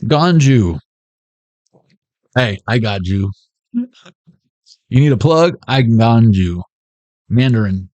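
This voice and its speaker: A man's voice: medium pitch, lively intonation, takes it slowly, pauses often, a little mellow, no room sound, highs cut off. Laid-back joking man reading tarot. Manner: joking, playful asides. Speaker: tarot reader. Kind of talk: casual tarot reading vlog.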